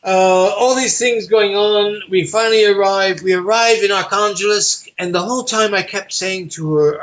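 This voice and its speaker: A man's voice: high voice, moderate pace, few pauses. A man and stage performer, a guest in an interview, telling a casual anecdote and acting out the people he quotes. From United States. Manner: lively storyteller who acts out the people he quotes. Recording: dull lo-fi recording.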